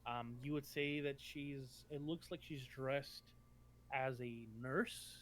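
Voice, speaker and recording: A man's voice: medium pitch, steady tone, slow, a bit bright, a little hiss or hum. A man narrating as game master for a tabletop game, rambling with many ums and restarts.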